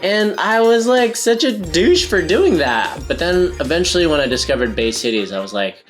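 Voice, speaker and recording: A young woman from Southern California speaks low and easygoing, her pitch swinging widely as she jokes over a cooking session at home. Faint music runs behind her. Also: very animated, moderate pace, hardly any pauses. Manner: laid-back, jokey, with lots of fillers. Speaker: co-host. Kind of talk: casual chat while cooking. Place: home kitchen.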